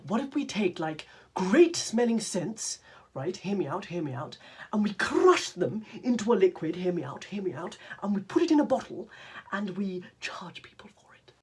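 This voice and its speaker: A man in a sketch pitches an idea with eager insistence. His voice is very husky and swings lively up and down. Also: normal speed. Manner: eager, repeating himself. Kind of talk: sketch comedy.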